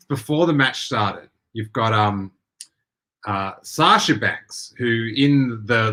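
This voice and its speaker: A man hosting a podcast in casual chat, rambling with many halting restarts. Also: lowish voice, pushed and bright. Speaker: podcast host.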